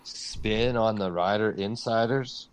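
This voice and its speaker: A man's voice: on the low side, slow, clean tone. A man co-hosting a casual podcast, musing aloud and asking questions. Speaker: podcast co-host.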